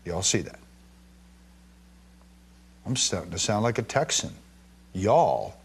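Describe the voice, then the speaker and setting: A man from Jerusalem teaching the Bible to a live and streaming audience, reading verses with emphatic stress and stumbling through quick restarts. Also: lowish voice, fairly bright tone, husky.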